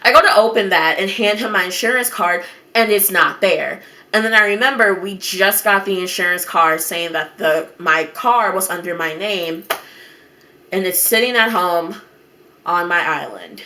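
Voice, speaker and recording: A young woman vlogger telling a dramatic story in an animated, over-the-top way, swearing now and then. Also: on the low side, normal speed. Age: young adult.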